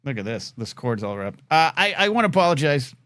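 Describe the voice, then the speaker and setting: A man hosting a live talk show from his apartment, low on energy and distracted, rambling and self-deprecating as he keeps talking to his dog. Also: very animated, fairly quick, a bit bright, dry recording. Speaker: host. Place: apartment at home. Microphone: desk microphone.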